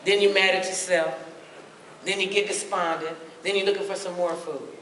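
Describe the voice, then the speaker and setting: A woman's voice: lowish voice, moderate pace. A woman giving a humorous, sassy health talk to a live audience, acting out little voices as she goes. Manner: sassy, lively, acts out voices. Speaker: motivational speaker. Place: large hall with audience. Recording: echoey hall, mic from far off, noisy.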